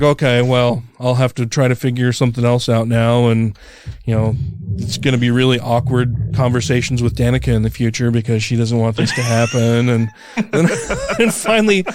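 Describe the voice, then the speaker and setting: A man in his thirties co-hosting a podcast, telling a story in a rambling, self-deprecating way with many fillers, jumping up in pitch when he acts out his own panic. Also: clean tone, no echo, clean studio sound. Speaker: podcast co-host. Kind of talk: casual chat.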